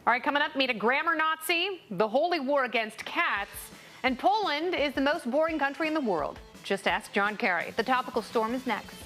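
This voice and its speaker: A woman's voice: high voice, expressive, brisk, over music. A woman co-hosting a talk show, delivering news and comic segments in a sarcastic, jokey way. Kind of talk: snarky comedic segment hosting.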